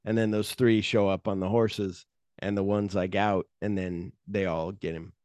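A man's voice: lowish voice, little pitch movement, normal speed, a little mellow, clean tone, no echo. A man co-hosting a podcast, retelling film scenes in a loose, rambling way with plenty of swearing. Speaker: podcast co-host. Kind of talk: casual movie-discussion chat.

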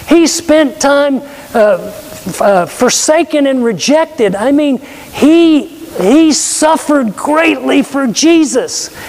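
A man preaching a sermon, earnestly quoting scripture and asking rhetorical questions. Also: extremely high pitch. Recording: long hall reverb.

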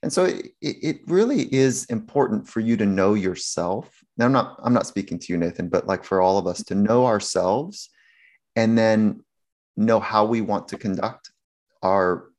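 A man speaking as a sports psychologist guest, telling anecdotes in an animated way, acting out the voices he quotes and laughing often. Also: on the low side, unhurried. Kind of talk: anecdotal storytelling in conversation.

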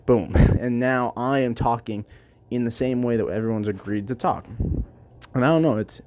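A man's voice: medium pitch, normal speed, warm tone, a little hiss or hum. A man hosting his own show, musing aloud in a rambling, self-interrupting way, recorded at work without a microphone. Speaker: podcast host. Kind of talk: casual solo musing. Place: workplace.

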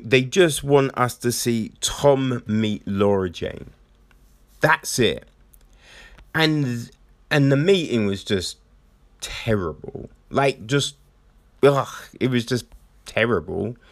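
A man giving a casual, frank film review, indignant and swearing, with many restarts and fillers. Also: medium pitch.

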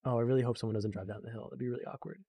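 Rambling young man, husky and mellow. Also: mid-range voice, rapid-fire, dry recording. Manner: rambling, full of fillers, animated quoting of characters. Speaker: book recap vlogger. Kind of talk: rambling casual recap.

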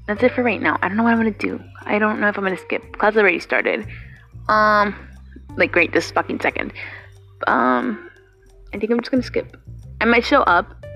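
A woman's voice: mid-range voice, fairly bright tone. Young woman venting to her partner on camera, swears a lot, drops in spanish words, faint music in the back. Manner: profane, rambling, mixes in Spanish words. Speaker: vlogger addressing her partner. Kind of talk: personal video message.

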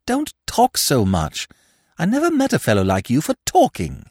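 Man doing a flustered posh young guy, kinda vacant, pitch swinging around. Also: huge pitch swings, moderate pace, a little mellow, no echo, clean studio sound, full character voice. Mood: agitated. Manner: fretful, blustering upper-class slang. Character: gloomy, vacant young aristocrat, agitated.

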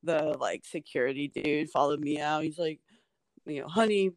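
A woman's voice: low-pitched, level tone, moderate pace, no echo. A woman comedian talking in a casual podcast chat, rambling with many fillers like "like" and "um". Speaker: stand-up comedian, guest.

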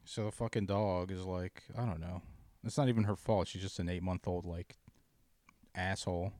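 A man in casual chat, ranting profanely about his bad day, dropping to mumbles and then yelling. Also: deep voice, steady tone, moderate pace, dry recording.

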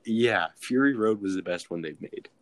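A playful, enthusiastic man chatting casually with a friend and laughing easily. His voice sits on the low side. The mic is close and the sound is dry. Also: normal speed, dry recording. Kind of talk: casual chat.

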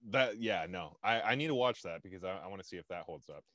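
A man's voice: low voice, expressive, fast talker, bright, forceful tone, no room sound. A young man co-hosting a podcast, chatting in a laid-back, rambling way with many hesitations. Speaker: podcast co-host. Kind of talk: casual chat.

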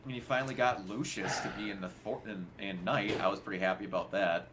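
A man chatting casually about video games as a podcast co-host, excitable and quick to act out lines he remembers. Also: on the low side. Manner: excitable, acts out game dialogue with laughs. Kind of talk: casual gaming chat.

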